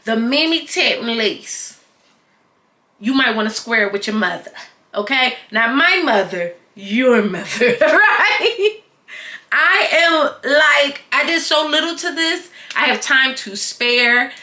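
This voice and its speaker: A grown woman vlogger reviewing a wig in casual, slangy chat, playful and animated as she talks straight to her viewers. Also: high-pitched, slow pace. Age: adult, not young. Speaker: beauty vlogger reviewing wigs. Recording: echoey room.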